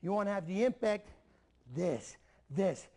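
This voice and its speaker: A man with a high speaking voice walks students through kicking drills. He coaches in a direct, repetitive way and counts each step as he demonstrates. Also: lively intonation, measured pace, darkish tone. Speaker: MMA instructor. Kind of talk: instructional video demonstration.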